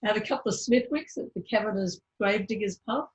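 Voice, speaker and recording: Australian woman host, conversational, middle pitch. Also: fast, rough recording. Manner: friendly, chatty, laughs easily. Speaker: host, interviewer. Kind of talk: casual interview chat.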